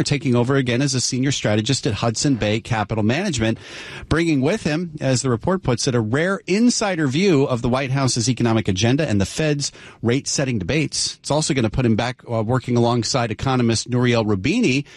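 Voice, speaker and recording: A man co-hosting morning business radio, relaxed and reading reports with small fillers. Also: medium pitch, no room sound. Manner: relaxed, reads with filler uhs. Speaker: radio news co-host.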